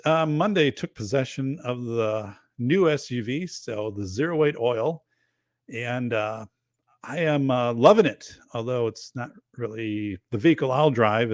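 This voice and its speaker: A man's voice: medium pitch, dry recording, studio quality. A man hosting a casual livestream, chatting loosely and reading viewer comments aloud. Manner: rambling, chatty, reads chat aloud. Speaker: show host.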